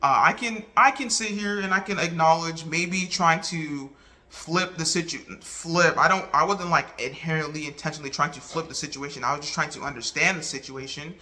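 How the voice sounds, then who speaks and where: A man talking casually to the camera, recounting a falling-out in an earnest, halting way with many restarts. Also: on the high side, sharp tone. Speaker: vlogger.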